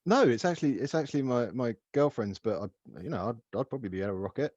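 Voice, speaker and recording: A man's voice: medium pitch, quick pace, darkish tone, no room sound. A man in his thirties co-hosting a casual podcast over a video call, swearing freely and acting out exchanges with his kids. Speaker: podcast co-host. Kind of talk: casual chat. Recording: dull, dry video call audio.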